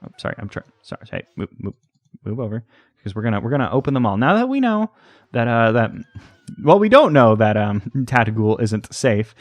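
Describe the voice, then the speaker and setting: A man's voice: mid-range voice, a little mellow, no echo. A man hosting a let's play, rambling and hesitant as he talks to the game's pets. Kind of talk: casual game commentary.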